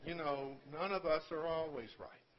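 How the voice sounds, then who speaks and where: An older man delivers a funeral eulogy for his mother in a room at a service, halting and repeating words, with gentle humor. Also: fairly high pitch, steady tone, lo-fi sound, heavy background noise. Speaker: son giving a eulogy.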